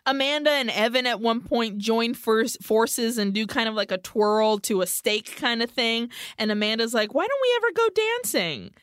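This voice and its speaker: A woman's voice: on the high side, steady tone, moderate pace, hardly any pauses, clean tone, dry recording, studio quality. A woman co-hosting a podcast, casually and animatedly retelling a film plot, swearing freely. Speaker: podcast co-host. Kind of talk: casual chat recapping a film.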